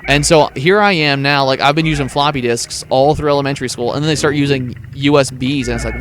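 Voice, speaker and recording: A man's voice: medium pitch, quick pace, few pauses, a bit bright, a little hiss or hum. Chatty young man narrating a game. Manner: chatty, rambling, playful asides to viewers. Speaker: gaming channel host. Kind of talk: casual let's-play commentary.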